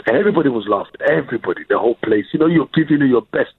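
A man, a comedian, telling stories in an animated, playful way during a casual interview. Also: medium pitch, racing, husky, no echo, narrow, tinny audio. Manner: animated, acts out voices, laughs often. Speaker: comedian guest.

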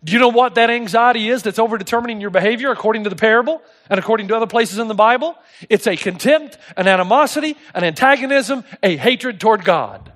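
Middle-aged male pastor, high voice, lively storytelling sermon delivery. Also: fast talker. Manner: animated storytelling, acts out voices in anecdotes.

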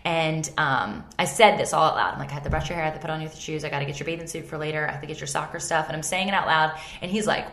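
Low-voiced, bright, chatty woman host. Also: racing, hardly any pauses. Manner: chatty, backchannels often, affirming. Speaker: podcast host. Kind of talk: casual conversational interview. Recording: roomy echoey sound.

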